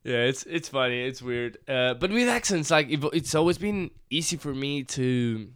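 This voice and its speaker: A Spanish-born professional wrestler, Spanish his first language, chats casually in English with an accent mixing Spanish, British and American sounds. His mid-range voice is clean and moderately paced as he rambles animatedly and laughs often.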